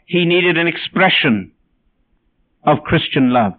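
Male preacher with a high voice, wry and self-mocking as he tells his stories, captured on a narrow, phone-like line. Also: expressive, slow. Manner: wry, self-deprecating storytelling. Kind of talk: sermon with personal anecdotes. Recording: tinny phone-like sound.

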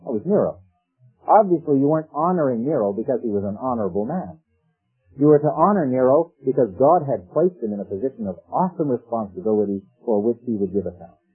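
A man's voice: medium pitch, animated, fast, slightly rough. A man preaching a sermon in a conversational way, with rhetorical questions and quoted scripture. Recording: tinny phone-like old radio broadcast with faint music.

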